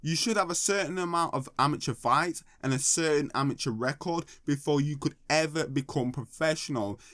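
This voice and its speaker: A man's voice: a little high, brisk, a bit bright, dry recording. A man giving sarcastic, mocking comedic commentary. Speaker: YouTube commentator.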